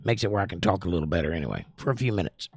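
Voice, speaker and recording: Hoarse man chatting on a livestream. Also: sits low, lively intonation, rapid-fire, dry recording, studio quality. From North Carolina. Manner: joking, rambling, does silly voices. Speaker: livestream host. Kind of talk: casual chat with live chat.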